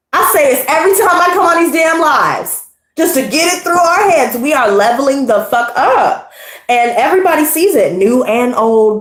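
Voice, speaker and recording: A woman hosting her channel, telling a casual story to a live audience, animated and laughing, full of profanity and slang. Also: on the high side, reverberant. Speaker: tarot channel host.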